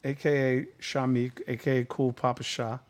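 A man's voice: medium pitch, normal speed. A man, a guest on a conversational show, telling a story casually and with animation. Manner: animated, laughing, lively storyteller.

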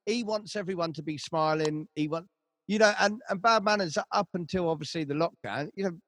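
This is a man managing a band, recounting tour stories in a relaxed chat. His voice sits high for a man and the sound is dry and close. He rambles, restarts lines and swears often. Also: a little fast, no room sound. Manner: rambling storytelling, heavy swearing, frequent restarts. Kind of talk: casual conversation.

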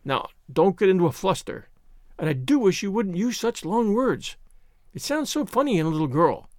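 A man voicing a stern, practical older farm woman who scolds briskly in an audiobook. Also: high-pitched, very animated, darkish tone, no room sound, clean studio sound. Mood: scolding. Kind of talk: audiobook character reading.

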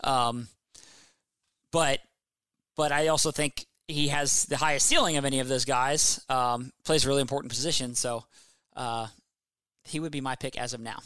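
A man's voice: medium pitch, fairly even intonation, normal speed, long pauses, sharp tone, clean tone, no room sound. A man co-hosting a casual sports podcast, easygoing and teasing his co-host.

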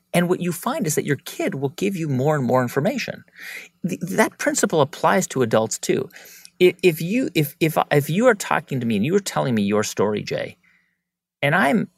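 A man answering interview questions in a relaxed conversational way, telling anecdotes expressively. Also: a little high, gravelly, husky, dry recording, clean studio sound. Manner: animated, expressive storytelling. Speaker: guest, interviewer of founders.

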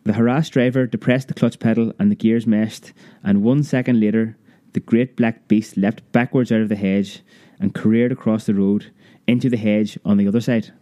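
A man narrating a memoir audiobook in a measured, vivid storytelling manner. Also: on the low side, fairly even intonation, warm tone, dry recording.

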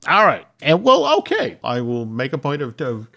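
A man's voice: on the high side, wildly swooping pitch, moderate pace, creaky, bright, forceful tone. A man hosting a podcast, chatting casually and reading a sponsor message. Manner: conversational, reads sponsor copy. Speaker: podcast host. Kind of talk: casual chat with ad reads.

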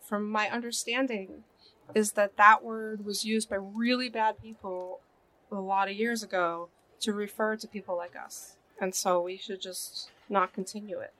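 A woman's voice: mid-range voice, fairly even intonation, measured pace, fairly bright tone. A woman playing a tabletop game, earnest and searching for words. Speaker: player. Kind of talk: casual tabletop role-play.

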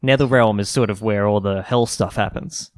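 A man's voice: fairly low pitch, fairly even intonation, normal speed, no echo. A man co-hosting a casual comedy podcast, explaining odd facts playfully. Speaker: podcast co-host.

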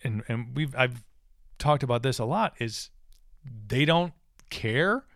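A man's voice: medium pitch, animated, slow, no room sound, clean studio sound. A man in casual conversation about the radio business, talking thoughtfully with many restarts. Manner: talks in restarts and fillers, thoughtful.

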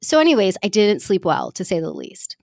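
A young adult woman hosting a podcast, telling a personal story in a casual, animated way and acting out the people she quotes. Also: medium pitch, brisk, vocal fry, no room sound, clean studio sound. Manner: animated, acts out quoted voices. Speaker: podcast host.

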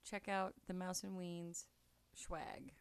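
A woman co-hosting a podcast, playful and quick to joke in casual chat. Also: on the low side, little pitch movement, clear, resonant tone, no echo. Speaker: podcast co-host.

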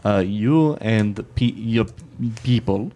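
A man's voice: on the low side, takes it slowly, crowd noise. A man running a tabletop game as game master, speaking unhurriedly and searching for words. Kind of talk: tabletop role-play narration.

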